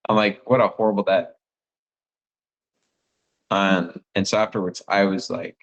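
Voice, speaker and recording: A young man, a missionary phoning home, telling rambling, excitable stories full of fillers. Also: fairly low pitch, moderate pace, long pauses, muffled recording. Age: young adult. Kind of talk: casual phone chat with family.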